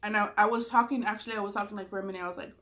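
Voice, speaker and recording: A young woman with a Southern California accent telling a story casually in a vlog, swearing a lot and acting out quotes in a higher voice. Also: fairly even intonation, rapid-fire, a bit bright. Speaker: vlogger. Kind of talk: casual storytelling while eating.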